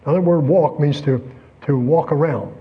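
A man preaching a sermon, telling a story and asking rhetorical questions with lively emphasis. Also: on the high side, normal speed, breathy edge, dull audio.

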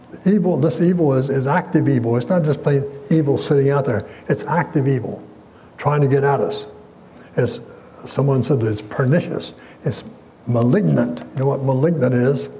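A man's voice: medium pitch, mellow, slight background noise, poor audio. Earnest man preaching a sermon. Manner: earnest, emphatic preaching with scripture quotes. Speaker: pastor.

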